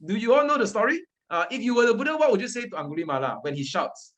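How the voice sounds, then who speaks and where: Male Dharma teacher, conversational, checks in with class. Lively, slightly high. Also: racing, hardly any pauses. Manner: conversational, checks in with listeners often. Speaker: Buddhist teacher.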